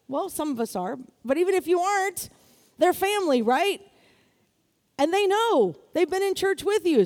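A middle-aged woman preaching a sermon in a lively, exclaiming way, often asking for amens. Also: very high-pitched. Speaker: pastor.

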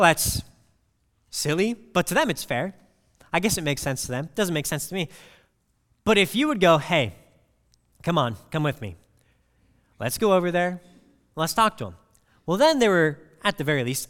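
A man's voice: fairly high pitch, fairly bright tone. A man preaching a sermon in a conversational way, mixing scripture with personal stories. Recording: long reverb of a hall.

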